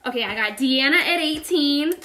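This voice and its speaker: A woman with a drawl hosts a live online auction, calling out bidders by name in a chatty, playful way. Her voice sits high and comes across bright and sharp, with laughter never far off. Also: animated, moderate pace. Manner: chatty, upbeat, calls out bids by name. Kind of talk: casual live-stream auctioneering.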